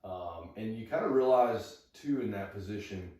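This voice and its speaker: A man's voice: on the low side, lively intonation, moderate pace, dark tone. A man in his thirties, a podcast guest talking casually with many fillers and restarts. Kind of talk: casual conversation. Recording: echoey room, far from the mic.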